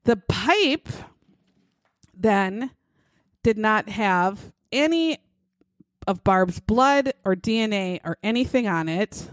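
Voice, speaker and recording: A woman's voice: mid-range voice, animated, takes it slowly, long pauses, dry recording. A woman co-hosting a casual true-crime podcast, talking bluntly, swearing freely and acting out what people said. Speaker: podcast co-host.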